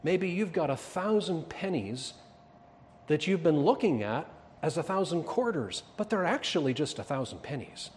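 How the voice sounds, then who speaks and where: A man preaching a sermon in a church, emphatic and then dropping to quiet asides. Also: fairly high pitch, sing-song, normal speed, a little hiss or hum. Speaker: pastor.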